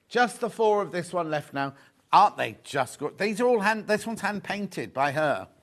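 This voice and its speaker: A man's voice: mid-range voice, a bit bright. A man presenting a live shopping show, chatty and gushing, repeating his phrases as he shows off fabrics. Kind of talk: live sales chat.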